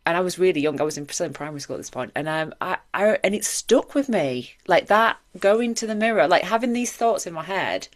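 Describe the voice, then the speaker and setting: Low-voiced reflective woman. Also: animated, fairly quick, few pauses. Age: 40s. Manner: earnest and reflective, talks in long run-on thoughts. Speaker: podcast co-host. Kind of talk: casual chat.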